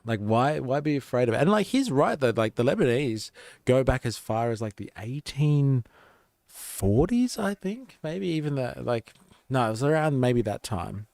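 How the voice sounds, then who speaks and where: Male streamer, low gravelly voice, dry close sound, loose and sweary while gaming. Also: very animated, moderate pace, a little mellow, no room sound. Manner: offhand, swears, reacts to chat. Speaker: live streamer. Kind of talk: casual live-stream chat while gaming.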